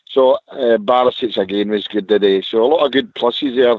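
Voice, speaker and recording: A Scottish man phones in to a radio show from his parked car, gushing enthusiastically about the match and repeating superlatives. His mid-range voice comes at a normal speed through a muffled phone line, with a dry sound.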